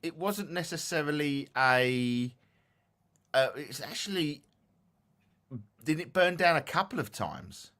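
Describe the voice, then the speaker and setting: A man's voice: on the high side, expressive, slow, pauses often, a bit bright. A man with an Essex accent, co-hosting a ghost-hunting talk show, chatting casually, yawning and tired, stumbling as he reads notes aloud. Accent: Essex English. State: sleepy, yawning. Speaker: podcast co-host.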